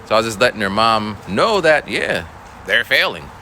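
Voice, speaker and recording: A young man tells a rambling, laid-back teaching story with a bright, lively voice that rises and falls a lot. Faint traffic noise sits behind him. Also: lowish voice, moderate pace, low-quality recording. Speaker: schoolteacher. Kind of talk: casual storytelling vlog.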